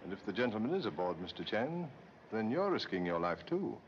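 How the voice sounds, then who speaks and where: Low, dry, insinuating man, old film track. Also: sing-song, a little fast. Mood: sardonic. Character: smooth, sardonic man warning the detective. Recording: muffled, hissy old film soundtrack.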